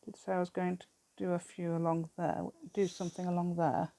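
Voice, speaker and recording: British woman, mellow dark voice, dry close sound, chatty crafting demo, talks to herself. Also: lowish voice, little pitch movement, brisk, no room sound. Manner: rambling, talks to herself, giggly asides. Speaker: craft channel host.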